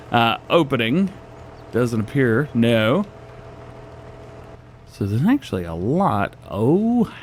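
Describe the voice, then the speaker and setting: A man's voice: medium pitch, gravelly, darkish tone, slight background noise. A man hosting a gaming channel, giving chatty gameplay commentary and laughing often, while he is losing his voice.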